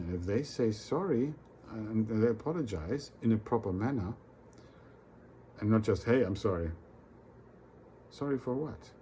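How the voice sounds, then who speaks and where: A man with a fairly low, mellow voice talks straight to his viewers in a loose, unscripted vlog. He stumbles and repeats words as he goes and slips into quoted mini-dialogues. Faint background noise sits under him. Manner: repeats words and restarts often; acts out little quoted exchanges. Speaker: vlogger. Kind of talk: rambling casual monologue.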